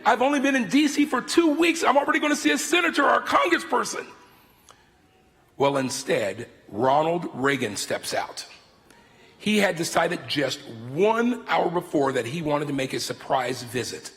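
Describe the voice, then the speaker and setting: A man in his fifties giving a sermon as guest speaker, telling stories in an animated, theatrical way into a stage microphone in a large worship hall. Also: a little high. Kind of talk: sermon with storytelling. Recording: long reverb of a large hall.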